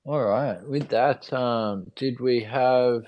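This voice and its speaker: A man hosting a casual online audio chat from his phone, relaxed and laughing easily as he brings in speakers. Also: medium pitch, takes it slowly, muffled recording.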